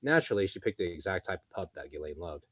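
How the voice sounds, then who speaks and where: A low-voiced man reads a fantasy light novel aloud, steady and even, now and then fixing a slip. His voice is husky. The sound is close and dry. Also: fast, no echo. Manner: steady reading with small slips and self-corrections. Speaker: narrator.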